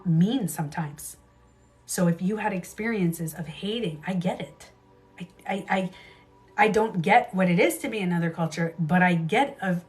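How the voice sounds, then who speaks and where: A woman hosting a casual livestream who talks emphatically, repeats her phrases and swears freely. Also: fairly low pitch. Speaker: livestream host and beauty coach. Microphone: livestream camera mic.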